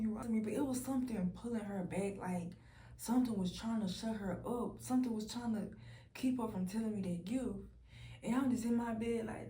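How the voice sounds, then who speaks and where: Young woman telling her testimony, blunt, cusses a lot, goes quiet and soft a lot, kinda far from the mic in an echoey room. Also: moderate pace, slight background noise. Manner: candid, blunt, swears freely; often drops to a soft, low voice. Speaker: person giving a personal testimony. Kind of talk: emotional personal storytelling. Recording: roomy echo from a distant mic.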